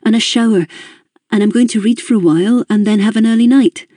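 A reader voicing a guarded young woman who speaks calmly, in a stiff and formal way. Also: on the high side, fast, dry recording, clean studio sound, voice pushed up, lightly acted.

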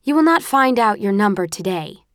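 A woman's voice: mid-range voice, expressive, normal speed, dry recording, studio quality, lightly acted. A woman voicing a stern adult female combat instructor who speaks bluntly and matter-of-factly in an audiobook.

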